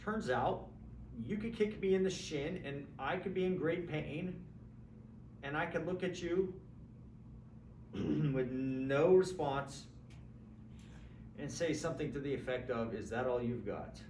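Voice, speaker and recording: A man teaching an introductory philosophy class in a conversational, lively way, acting out examples and checking in with students. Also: on the high side, takes it slowly, pauses often. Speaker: philosophy lecturer. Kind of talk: classroom lecture. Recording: roomy, distant mic with faint background hum.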